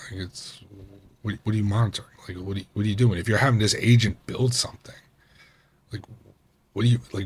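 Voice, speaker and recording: Middle-aged male podcast host, husky, conversational, animated when he quotes people. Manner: animated, acts out quoted coworkers with raised pitch. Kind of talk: casual storytelling monologue.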